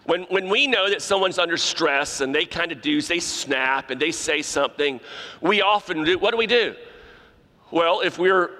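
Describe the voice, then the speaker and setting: Preaching man in a reverberant church. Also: on the high side. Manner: animated preaching, acting out quoted voices. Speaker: pastor. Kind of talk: sermon. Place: church sanctuary. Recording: long reverb of a large hall.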